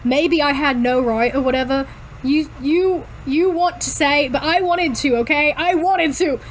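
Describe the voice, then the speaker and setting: A pushy young male actor who keeps pressing his point and refuses to back down. His lines come in a high, bright register, read aloud by a woman who is also attempting an accent, over a faint hiss. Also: measured pace, low-quality recording. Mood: insistent. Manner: attempts an accent while reading.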